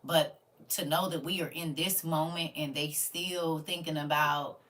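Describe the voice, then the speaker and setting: A woman's voice: low-pitched, fairly even intonation, unhurried, fairly bright tone, recorded from a distance. A woman, hosting a casual livestream and talking earnestly to her viewers as family. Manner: earnest, preachy, addresses listeners as family. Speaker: livestream host.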